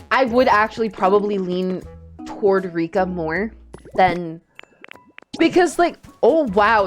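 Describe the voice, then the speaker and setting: A woman streaming a game live, chatting casually, excitable and a little shy in her asides. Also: mid-range voice.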